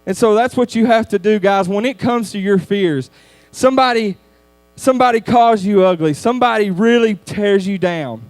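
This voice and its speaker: A man giving a youth sermon lesson, in a conversational, animated storytelling manner. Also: high voice, no echo. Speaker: youth speaker.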